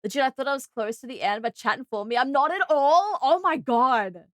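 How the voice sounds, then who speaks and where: Bubbly high-voiced Australian woman streamer. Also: brisk, no room sound. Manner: bubbly, excitable, gasps and squeals when greeting viewers. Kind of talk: live gaming stream chat.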